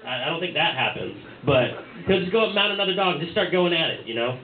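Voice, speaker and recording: A young stand-up comedian performs in a small bar, rambling with fillers and restarts. His fairly high voice is quick and lively in intonation, and the amateur recording sounds tinny and echoey with slight background noise.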